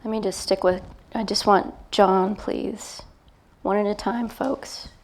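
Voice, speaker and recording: A middle-aged woman, a psychic medium, gives a gentle, hesitant live reading before an audience, pausing often as she feels her way. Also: medium pitch, fairly even intonation. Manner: gentle, hesitant, feeling her way with many pauses. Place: event talk in front of a live crowd.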